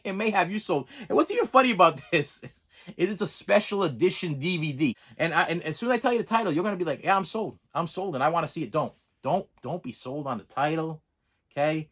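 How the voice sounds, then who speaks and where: Animated, lively-pitched man ranting. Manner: animated, rambling, repeats words, laughs often. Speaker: movie reviewer. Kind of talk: casual ranting review.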